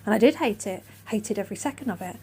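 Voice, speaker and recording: A woman's voice: mid-range voice, lively intonation, fast talker, warm tone, breathy edge. A middle-aged woman telling a long personal story in a casual, rambling, self-deprecating way, acting out her own remarks. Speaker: vlogger.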